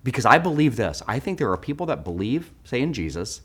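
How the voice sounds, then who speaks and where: A man preaching a sermon in church, animated and joking, swinging between loud outbursts and hushed asides. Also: mid-range voice, a little fast, breathy edge. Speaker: pastor.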